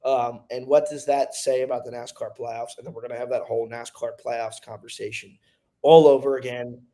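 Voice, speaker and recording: A man co-hosting a casual racing talk show, giving emphatic, animated opinions. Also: medium pitch, moderate pace. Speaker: co-host. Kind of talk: casual racing podcast chat.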